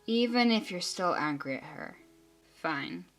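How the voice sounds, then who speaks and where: A woman's voice: lowish voice, expressive, a little slow, fairly bright tone, soft background music. A woman voicing several teenage girls in an amateur drama, talking in an emotional, earnest and sulky way. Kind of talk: amateur teen drama acting.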